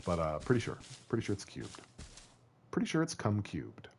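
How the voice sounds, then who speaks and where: A young man from Canada streams a story game, reading it aloud while bantering with his chat as faint game music plays. His voice is lowish with huge pitch swings, at a normal speed, with a little hiss or hum.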